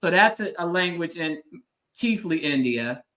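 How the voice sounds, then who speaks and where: Woman, interview host, legal analyst, earnest storytelling, bright tense voice. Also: lowish voice, lively intonation, a little slow. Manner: earnest storytelling, emphatic, frequent affirming murmurs. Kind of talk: casual interview conversation.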